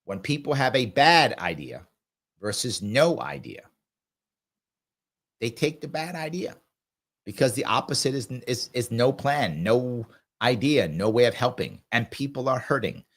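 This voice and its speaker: A man's voice: medium pitch, animated, unhurried, a bit bright. Emphatic middle-aged man hosting. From New York. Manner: emphatic, repeats points for effect. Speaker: talk show host. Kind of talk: live political commentary.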